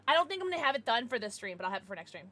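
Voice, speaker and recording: A woman streamer chatting casually with her viewers, excitable and swearing freely. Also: on the high side, rapid-fire, a little hiss or hum. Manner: laughs and gasps often. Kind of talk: casual livestream chat with viewers.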